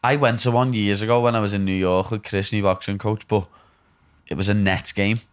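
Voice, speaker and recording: Speaking fairly quickly in a lowish voice, a podcast host from Liverpool keeps a steady tone. His casual chat is playful and rambling, peppered with loose Scouse slang.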